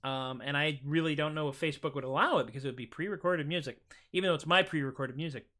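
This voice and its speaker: A man's voice: on the high side, fast talker, bright, forceful tone. A man hosting his own music livestream, chatting casually between songs in rambling, self-deprecating asides. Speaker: singer-songwriter host. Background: guitar strumming.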